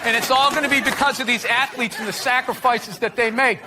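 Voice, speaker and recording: A man's voice: very high voice, steady tone, fairly quick, background noise. Exasperated man telling a wry story. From United States. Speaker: comedian. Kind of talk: casual comedic chat.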